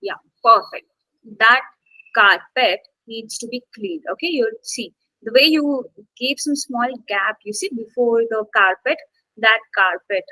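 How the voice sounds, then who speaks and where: A woman's voice: fairly high pitch, unhurried, pushed and bright, dry recording, rough recording. A woman instructor teaching an online English class, coaxing students to take part, with many fillers.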